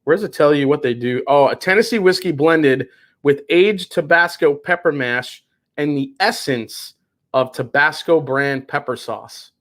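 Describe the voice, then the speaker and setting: A man's voice: a little high, measured pace, a bit bright. A young adult man hosting a live whiskey stream, chatting casually, groaning and cussing at what he tastes. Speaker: whiskey livestream host.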